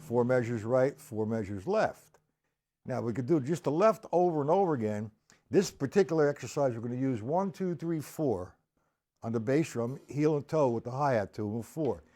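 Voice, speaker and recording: With a loud drum kit going in the background, a man teaches drums over a live stream in a room with a kit set up. He speaks at normal speed with a medium pitch and lively intonation, counting beats aloud and explaining exercises patiently and conversationally.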